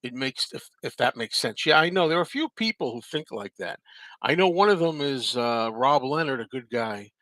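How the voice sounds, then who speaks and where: A man's voice: medium pitch, expressive, moderate pace, fairly bright tone, no room sound. A man hosting a casual live chat, reading and answering viewer comments in a rambling, repetitive way. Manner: chatty, repeats himself, rambling asides.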